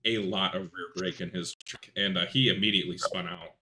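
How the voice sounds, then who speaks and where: A man hosting a podcast, talking casually about sim racing and telling rambling, animated stories. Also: deep voice, a little fast. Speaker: podcast host.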